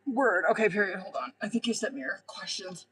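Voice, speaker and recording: Casting: young woman tarot reader on a live stream, bright tone, blunt, swears a lot, chatty. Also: mid-range voice, brisk, slight background noise, poor audio. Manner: blunt, profane, chatty, laughs often.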